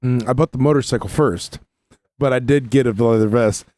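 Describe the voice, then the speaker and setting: Male podcast co-host, mellow tone, teasing and profane, dry close sound. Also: medium pitch, fairly quick, no room sound. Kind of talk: casual chat.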